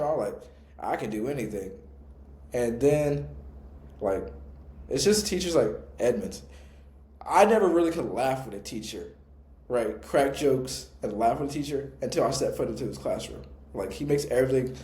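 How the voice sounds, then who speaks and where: Young male podcast co-host, warm low-key tone, easygoing slang, echoey room. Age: young adult. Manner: relaxed, slangy, reflective. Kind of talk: casual storytelling.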